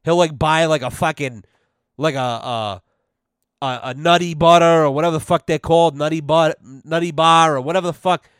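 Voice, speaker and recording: A man's voice: fairly high pitch, normal speed, fairly bright tone, clean tone, dry recording. Profane rambling young man, dry close sound. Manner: profane, rambling, sarcastic, lots of "you know". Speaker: podcast host. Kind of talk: casual comedic rant.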